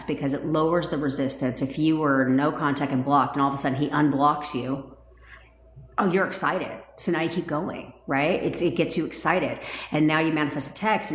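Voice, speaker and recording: A woman talking casually on a livestream as a manifestation coach, blunt, profane and excitable. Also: low-pitched, echoey room.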